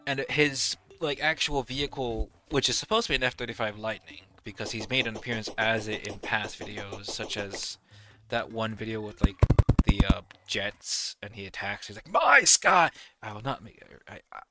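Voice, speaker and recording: A man's voice: lowish voice, fairly even intonation, moderate pace, background noise. A young man giving casual gameplay commentary, rambling and ranting animatedly. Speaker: gaming video creator.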